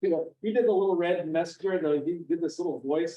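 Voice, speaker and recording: Speaking fast in a slightly high voice, a middle-aged man from Maine entertains children and families in a library event room with stories, animatedly imitating the voices of those he quotes. He writes children's books. The audio is distant, dull, and echoey.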